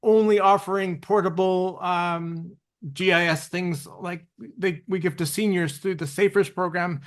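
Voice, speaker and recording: A high-pitched man co-hosting a casual podcast. He works through his point in halting stops and starts and repeats words as he goes. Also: fairly even intonation. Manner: halting, repeats words while building an argument. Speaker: podcast co-host and producer.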